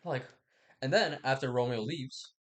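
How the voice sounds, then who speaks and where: Guy rambling about a book he likes, slangy, keeps correcting himself, average pitch. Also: unhurried. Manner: meandering, self-correcting, slangy and irreverent. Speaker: video essayist. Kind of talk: rambling casual commentary.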